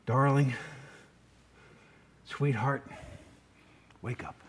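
A man preaching a sermon, voicing a calm, tender Jesus quietly and without hurry. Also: a little high, slight background noise, pitched below the performer's own voice. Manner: quiet, soft and unhurried.

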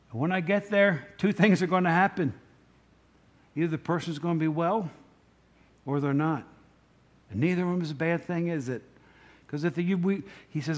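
A man's voice: a little high, moderate pace. A middle-aged male pastor giving a conversational sermon with rambling asides, often asking the congregation questions.

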